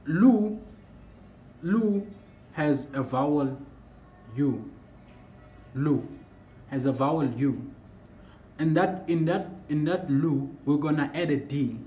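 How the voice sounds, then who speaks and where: A young man explains word sounds in a casual lesson, often pausing and repeating himself. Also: mid-range voice, warm tone. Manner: halting, repeats himself, searches for words. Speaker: language teacher. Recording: echoey room with faint background hum.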